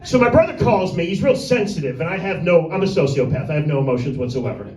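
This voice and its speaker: Male stand-up comic, high-pitched, crude and rambling, ribs the small crowd; echoey room, mic far off. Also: expressive, quick pace, a little mellow. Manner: crude, rambling, teases audience members by name. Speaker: stand-up comedian. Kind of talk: stand-up set rehearsal. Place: small room with a tiny audience.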